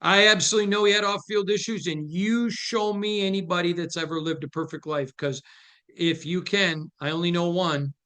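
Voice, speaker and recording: A man's voice: high-pitched, sharp tone, clear, resonant tone. A man hosting a casual sports talk show, answering viewer questions in an emphatic, joking manner. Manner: emphatic, preachy, quick to joke. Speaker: host.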